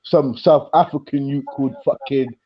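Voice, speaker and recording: A man's voice: medium pitch, steady tone, normal speed, muffled recording. A young man rambling through gossip on a livestream panel, swearing as he goes. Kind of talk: casual livestream chat.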